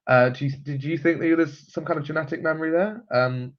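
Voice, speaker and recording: Brisk and steady in tone, a man with a slightly high voice hosts a live genealogy stream. He chats casually through comments from viewers, with frequent ums and chuckles, and the audio is lo-fi and slightly muffled.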